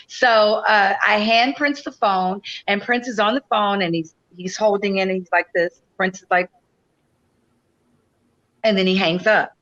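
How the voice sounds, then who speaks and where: A woman's voice: mid-range voice, fairly even intonation, measured pace, fairly bright tone, lo-fi sound. A woman in her fifties, a podcast guest, telling a story animatedly and casually, swearing freely.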